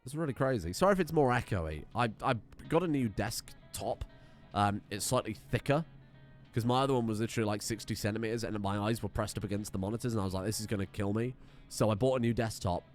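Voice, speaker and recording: A man's voice: on the low side, fast, faint music behind. A British man commentating a game playthrough from his desk at home, joking and swearing as he goes. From United Kingdom. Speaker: gaming streamer. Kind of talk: let's play commentary.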